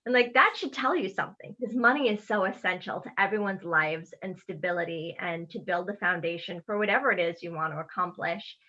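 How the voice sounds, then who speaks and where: A woman's voice: lowish voice, brisk, hardly any pauses, bright, forceful tone, lo-fi sound. A woman from Massachusetts, a money educator, speaking as a podcast guest in an upbeat, articulate way and laughing easily. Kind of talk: remote podcast interview.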